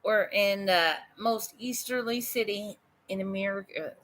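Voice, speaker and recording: A woman with a Newfoundland accent chats with her viewers in an unhurried, drawn-out way. Her voice is bright and forceful, and she swears freely and laughs often. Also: medium pitch. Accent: Newfoundland English. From Newfoundland, Canada. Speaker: artist vlogger. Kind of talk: casual live chat to viewers.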